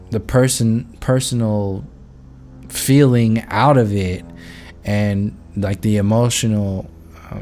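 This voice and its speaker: A man's voice: on the low side, darkish tone. A man talking off the cuff to camera, rambling with many fillers and restarts and swearing freely. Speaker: video blogger. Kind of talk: unscripted monologue.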